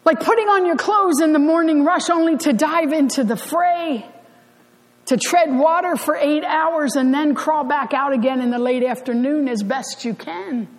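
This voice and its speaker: In a church sanctuary with hall reverb, a woman pastor delivers a sermon in a high voice at normal speed. She tells the story conversationally, with dry humor.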